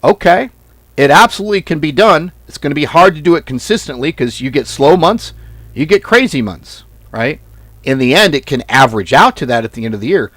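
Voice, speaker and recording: A man's voice: on the high side, brisk, no room sound. A man hosting a trading video, talking bluntly in a casual, profane rant that wanders off on tangents. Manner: blunt, profane, animated storytelling; goes off on tangents. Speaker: forex trading video host. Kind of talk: casual ranting monologue to camera.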